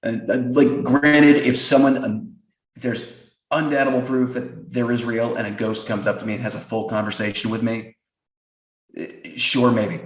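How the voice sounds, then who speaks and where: A podcast co-host with a mid-pitched man's voice, wry and blunt in casual talk. His voice carries a roomy echo. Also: steady tone, normal speed.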